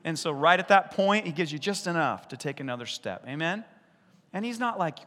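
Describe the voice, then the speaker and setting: A man preaching in a church sanctuary, his voice bright and sitting a little above the usual range for a man. He is animated and acts out the voices in his retellings. A long reverb from the large hall trails after his words. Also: on the high side, normal speed. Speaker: pastor. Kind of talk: sermon.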